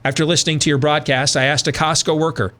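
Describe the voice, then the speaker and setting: A man's voice: fairly high pitch, level tone, quick pace, a bit bright. A middle-aged man hosting a radio talk show, ranting with sarcastic, emphatic commentary.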